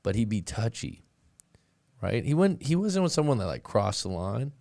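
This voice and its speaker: A man's voice: on the low side, very animated, normal speed, vocal fry, a little mellow, no room sound, studio quality. A man hosting a breakup coaching podcast, chatting casually with his live audience and telling a rambling story full of restarts, calling listeners "boss man.".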